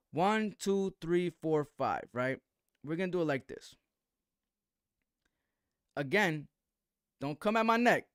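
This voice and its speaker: A man's voice: a little high, no room sound, studio quality. A man hosting a live boxing commentary stream, talking in slang with a defensive tone and asking "right?" again and again.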